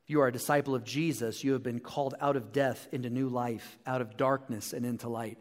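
Pastor preaching in a reverberant hall. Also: male voice, medium pitch, a little fast. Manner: storytelling, animated when telling anecdotes. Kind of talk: sermon. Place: church sanctuary.

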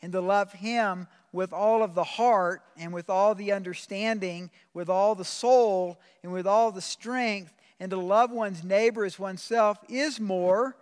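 A pastor preaches to his congregation in a voice pitched quite high for a man. His delivery is earnest: he reads scripture aloud and drags out the phrases he wants to stress. His voice rings out with the long reverb of a big sanctuary. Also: clear, resonant tone. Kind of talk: sermon. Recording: long reverb of a large room.

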